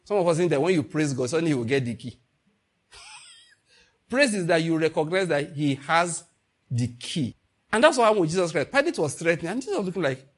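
Male pastor, fairly high husky voice, animated sermon delivery that acts out everyday exchanges. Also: brisk. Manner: animated preaching, acting out little dialogues, often laughing.

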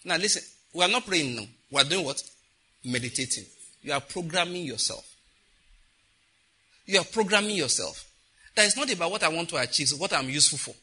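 Husky man preaching. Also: fairly high pitch, a little fast, long pauses, poor audio. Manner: animated preaching with asides and laughter. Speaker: pastor. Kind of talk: sermon.

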